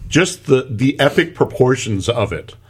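Husky-voiced man telling a rambling story. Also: mid-range voice, expressive, unhurried. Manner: rambling, restarts often, laughs through stories. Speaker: podcast co-host. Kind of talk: casual chat, storytelling.

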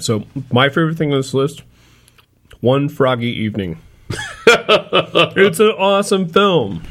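Man, casual chat, slow, halting, lively pitch. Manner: halting, searching for words.

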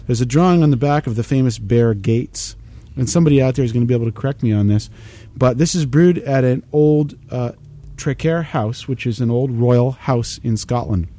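Male host, warm mellow tone, knowledgeable and chatty about beer, loose and rambling. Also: medium pitch, brisk. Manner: knowledgeable, explanatory, rambling with fillers. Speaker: beer tasting show host. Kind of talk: casual beer tasting chat.

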